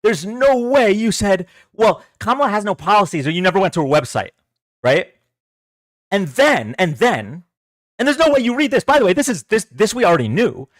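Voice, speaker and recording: High, animated man ranting to chat. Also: normal speed, no echo, clean studio sound. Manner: exasperated, sarcastic, repeats himself. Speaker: political livestream host. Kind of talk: casual livestream commentary to chat.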